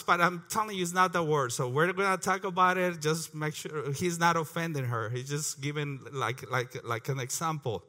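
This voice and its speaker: A man leading a prayer and then teaching a Bible passage, earnest and repeating words as he goes, clearing his throat often. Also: a little high, moderate pace, few pauses, sharp tone. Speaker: preacher.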